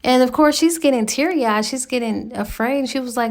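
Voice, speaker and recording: A woman's voice: a little high, moderate pace, few pauses. A woman giving a chatty, slangy spoken recap of a novel's plot as a book reviewer.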